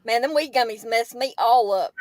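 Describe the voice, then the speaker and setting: A woman's voice: on the high side, normal speed. A woman from southeast Georgia with a Southern accent, joking in a folksy way during a casual chat.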